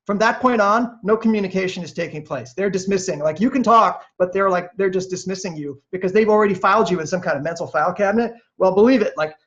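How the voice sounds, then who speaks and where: A man guest on a podcast, telling animated stories in a chatty way, full of fillers and restarts. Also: sits high, quick pace, hardly any pauses. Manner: lively, acts out quoted voices. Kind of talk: animated storytelling. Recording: dull lo-fi audio.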